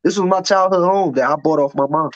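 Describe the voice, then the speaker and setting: A man's voice: a little high, quick pace, no room sound. A man telling his story in casual chat, blunt, profane and heated. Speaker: podcast guest. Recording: dull, dry lo-fi sound.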